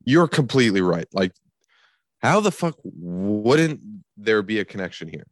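A man's voice: fairly low pitch, very animated, measured pace, dry recording. A man co-hosting a podcast, chatting about a film with wry, sarcastic asides. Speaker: podcast co-host. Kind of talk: casual movie review chat.

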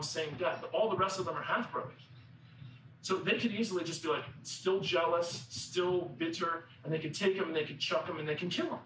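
A man's voice: sits high, a bit bright, echoey room, recorded from a distance, slight background noise, poor audio. A man preaching a sermon, telling a story conversationally and acting out what the people in it say. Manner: conversational storytelling, acts out quoted characters.

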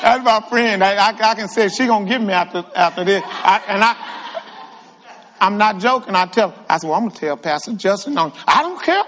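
Man, lively humorous sermon, high voice, long hall reverb. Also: normal speed, background noise. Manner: animated, humorous, calls out to the congregation. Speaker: guest preacher. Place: church sanctuary with reverb.

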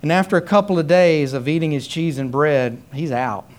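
A man preaching a sermon, telling a story with many repeated phrases and rising to loud, high emphasis. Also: normal speed. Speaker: pastor.

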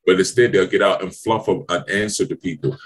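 A man hosting a podcast as a business mentor, preaching in an emphatic, profane way with exclaiming questions. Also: a little fast. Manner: emphatic, preachy, swears freely, swings to high exclaiming questions. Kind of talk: motivational podcast talk.

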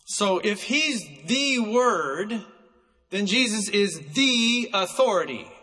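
A man preaching a sermon, emphatic and slowing down to stress single words, recorded in a church hall. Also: high voice, expressive, pushed and bright.

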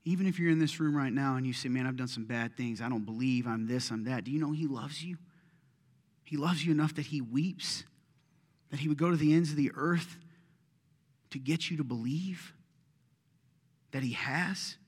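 A man preaching a sermon, swinging from hushed asides to loud, pleading retellings. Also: mid-range voice, normal speed, pauses often, big-room sound. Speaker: pastor.

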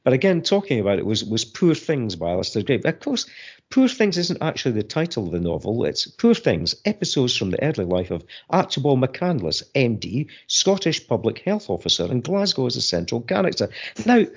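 Animated husky man, lively pitch. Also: a little fast. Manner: animated, digressive, frequent restarts. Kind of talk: casual discussion. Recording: muffled lo-fi audio.

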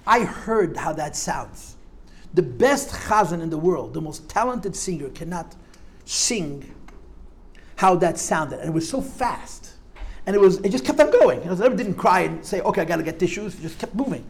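A man's voice: sits high, expressive, moderate pace. An older man telling a live audience his memories in a vivid, demonstrative way, dropping in Yiddish and Hebrew terms. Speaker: speaker recounting memories to an audience. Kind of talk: storytelling talk to a live audience.

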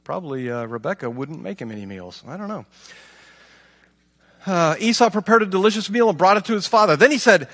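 A man's voice: high voice, expressive, a little fast, fairly bright tone, big-room sound. A man reading scripture aloud and stopping to comment with rhetorical questions. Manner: reads aloud, then asks rhetorical questions. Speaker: Bible teacher.

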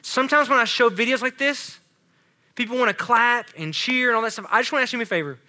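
A man preaching a casual, animated sermon to a youth group. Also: extremely high pitch, fast talker. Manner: casual, animated, talks to students with "y'all". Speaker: youth pastor.

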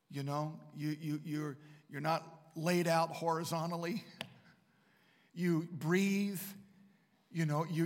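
A man with a high voice preaches to students at a Bible college. His sermon swings from hushed, reflective lines to emphatic declarations. A long hall reverb trails every phrase. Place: large room at a Bible college.

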